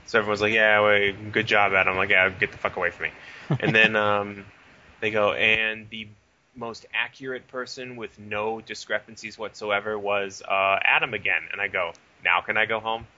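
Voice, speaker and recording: Profane, animated young podcast host, man. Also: fairly low pitch, moderate pace, highs cut off. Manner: profane, animated storytelling with quoted dialogue. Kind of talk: casual podcast chat.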